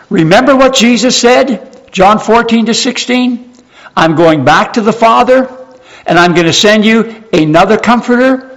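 A man preaching a sermon, emphatic, repeating key phrases slowly and dropping to hushed tones. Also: sits high, low-quality recording.

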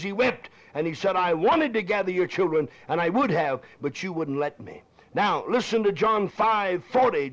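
A high-voiced man preaches an old-time sermon with fervent emphasis, repeating key phrases and dropping suddenly to a hush. The recording sounds dull and lo-fi, like an old archival tape. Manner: emphatic, repeats phrases, swings from loud to hushed.

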